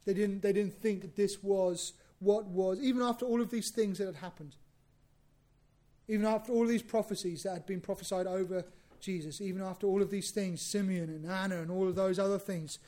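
Male preacher, high voice, animated, sermon, plays out dialogue. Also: brisk. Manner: animated, acts out biblical dialogue, repeats himself.

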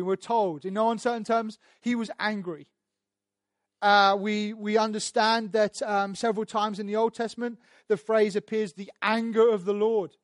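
A man preaching a sermon as a pastor, emphatic and repetitive, swelling louder as he drives his points home. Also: high voice, no echo, clean studio sound.

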